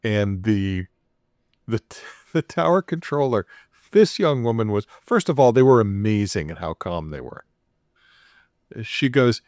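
A man's voice: lowish voice, unhurried, long pauses, no room sound, clean studio sound. A man casually retelling a story on a podcast, playfully acting out the quoted voices with chuckles. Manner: animated retelling, acts out quoted dialogue with chuckles.

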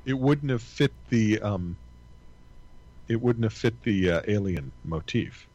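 A man's voice: fairly low pitch, animated, a little slow, darkish tone. A man in his sixties co-hosting a casual chat, joking and laughing as he talks. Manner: joking, laughs mid-sentence. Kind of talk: casual banter.

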